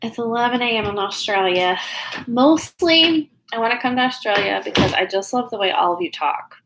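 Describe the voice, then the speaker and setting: A woman's voice: fairly high pitch, expressive, moderate pace, noisy background. A woman from Oklahoma with a Southern accent, a business coach chatting casually and bubbly on a livestream, rambling with fillers. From Oklahoma, USA. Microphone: no external mic plugged in.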